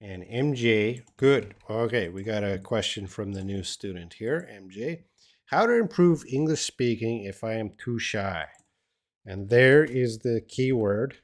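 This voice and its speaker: An older man with an Australian accent, an English teacher casually answering viewers' questions in a live stream lesson, with relaxed, rambling speech full of fillers and restarts. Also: fairly low pitch, unhurried.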